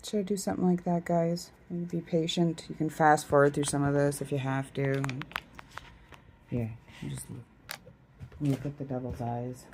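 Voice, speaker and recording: Yawning through a casual livestream, a tarot reader shuffles her cards, talks to her viewers and to herself, and makes self-deprecating jokes. Her voice is low and darkish with fairly even intonation, moving at a moderate pace broken by long pauses. The low-quality recording carries slight background noise.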